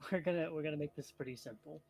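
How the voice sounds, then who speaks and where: A man's voice: fairly high pitch, very fast, creaky, darkish tone, breathy edge. A man from the Midwest, running a tabletop game as game master, teasing his players, swearing freely and laughing often.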